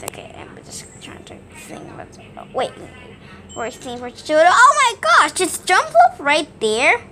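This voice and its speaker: A woman's voice: high-pitched, pushed and bright, slight background noise. A woman vlogger in rambling, complaining casual chat.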